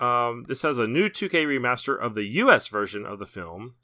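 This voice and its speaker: A man's voice: medium pitch, very animated, brisk, bright, forceful tone, no echo, clean studio sound. A man co-hosting a horror film podcast, casually chatting and reading out release details with offhand asides. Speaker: podcast co-host. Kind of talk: casual chat.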